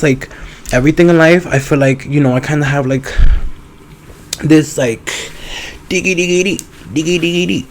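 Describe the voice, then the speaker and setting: Loud, playful male podcast host, slightly high voice. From New York. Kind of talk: casual chat.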